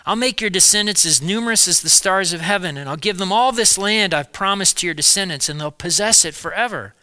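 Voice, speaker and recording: A man's voice: high-pitched, a little fast, bright, forceful tone, pitched above the performer's own voice. A man preaching, voicing Moses pleading earnestly with God in a Bible retelling.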